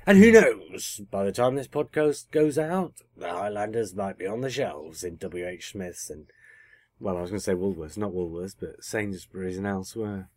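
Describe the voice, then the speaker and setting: Guy cohosting a podcast, lowish voice, teasing casual chat, dead dry mic. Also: expressive, moderate pace, a little mellow, dry recording. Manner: chatty, self-correcting, teasing. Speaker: podcast co-host.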